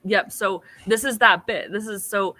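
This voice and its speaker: With a mid-range, steady voice that comes across bright and forceful, a young woman co-hosts a podcast at a moderate pace. She chats loosely through an episode recap, saying "like" a lot and dramatizing quoted lines.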